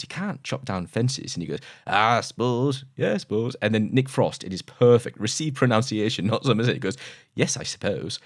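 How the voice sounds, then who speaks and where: A British man chats through a film review at a quick clip, his deep voice tumbling from one thought to the next. He backtracks and corrects himself as he goes, and the recording is dry and close. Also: no room sound. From Britain. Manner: rambling and enthusiastic, often correcting himself. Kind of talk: casual film review chat.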